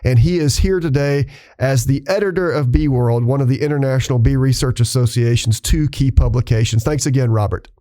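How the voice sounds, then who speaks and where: A man's voice: medium pitch, fairly quick, mellow. A man hosting a podcast interview, asking questions and introducing guests in a friendly, enthusiastic way. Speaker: podcast host.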